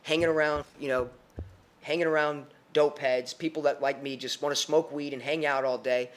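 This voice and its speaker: A young man tells a personal story on a podcast, in an animated way and with many restarts. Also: on the high side, normal speed.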